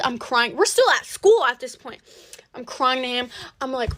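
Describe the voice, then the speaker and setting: A woman's voice: sits high, animated, fairly quick, fairly bright tone. A young woman telling a dramatic personal story in casual storytime style, swearing and saying "like" a lot. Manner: dramatic, swears, heavy use of "like".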